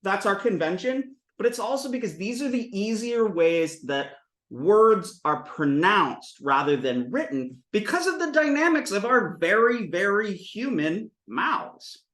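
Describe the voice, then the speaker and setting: A man from the United States lectures to a Sanskrit class in a playful, thinking-aloud way. His voice is bright and swoops up and down a lot. The room rings with echo around him. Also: high voice, lively intonation, unhurried. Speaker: Sanskrit teacher.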